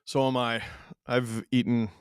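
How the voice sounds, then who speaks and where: A man in his thirties hosting a stream, reading chat aloud and telling stories in an animated, casual way. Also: mid-range voice, a little slow, smooth. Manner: animated storyteller, reads chat aloud, laughs often.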